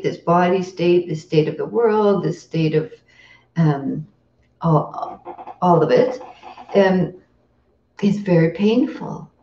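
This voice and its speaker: A woman teaches in a slow, thoughtful dharma talk, pausing often and clearing her throat now and then. Her voice is mellow and unhurried. The recording is dull and roomy, picked up from some way off the mic. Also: mid-range voice, recorded from a distance. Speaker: meditation teacher.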